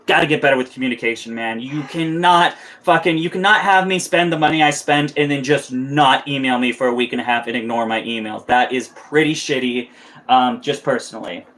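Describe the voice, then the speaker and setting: A man's voice: mid-range voice, brisk, fairly bright tone. A young man live-streaming as a reptile keeper, ranting in a heated, profane way with many restarts. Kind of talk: casual live-stream rant.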